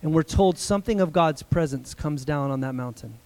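A man preaching a sermon to a congregation, conversational and energetic, building to loud cries at times. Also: fairly high pitch, brisk. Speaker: pastor.

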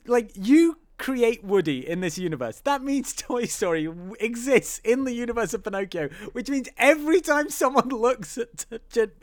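A podcast co-host chatting casually about a film, animated and quick to laugh, swearing now and then. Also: mid-range voice. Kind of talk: casual film review chat.

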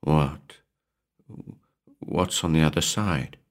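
A man's voice: a bass voice, takes it slowly. A man voicing a frightened male spirit photographer in a horror audiobook, stammering in a nervous, wavering voice. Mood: terrified.

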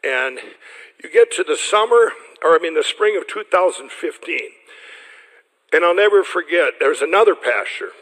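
Middle-aged man, high-pitched, chatty testimony speaker who keeps restarting sentences and laughing; long hall reverb. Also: expressive, moderate pace, fairly bright tone. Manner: rambling, self-interrupting storyteller who laughs often. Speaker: speaker addressing a group of pastors. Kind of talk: personal testimony talk.

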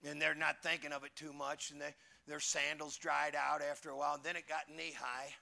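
A man delivers a sermon with a high, gravelly voice that has a piercing, tense edge. He preaches with emphasis, calls on the congregation to repeat lines back, and swells into shouts. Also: normal speed. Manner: animated, breaks into shouts. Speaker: pastor.

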